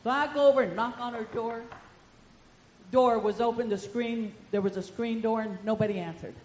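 Woman preacher, fired up then hushed, kinda high voice, echoey room. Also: normal speed. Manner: fervent, storytelling, swings from shouting to hushed. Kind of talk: sermon.

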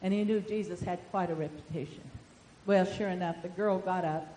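Older woman preacher, animated, echoey. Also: fairly low pitch, brisk, slight background noise. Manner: animated, storytelling, swinging loud and soft. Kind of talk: sermon.

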